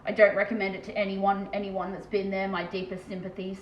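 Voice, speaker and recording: A woman's voice: mid-range voice, little pitch movement, brisk. An Australian woman in her thirties from Western Australia, chatting casually on a live stream while painting, blunt and self-mocking with plenty of swearing. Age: 30s. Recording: roomy, dull lo-fi sound with faint background noise.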